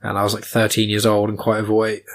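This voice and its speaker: A man's voice: lowish voice, completely flat delivery, fast. A young man hosting a podcast, chatting casually with blunt opinions and a habit of swearing. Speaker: podcast host. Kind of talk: casual chat.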